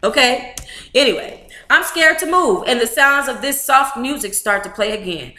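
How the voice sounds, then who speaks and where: A woman's voice: a little high, lively intonation, moderate pace, pushed and bright, roomy sound. A woman reading a memoir aloud to a live book club chat, emotive and blunt, with profane asides.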